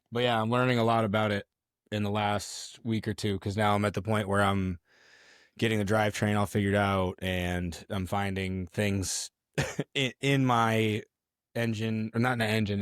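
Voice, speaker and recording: A man's voice: lowish voice, no echo, studio quality. A man co-hosting a podcast in casual chat, laid-back and explaining things step by step. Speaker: podcast co-host.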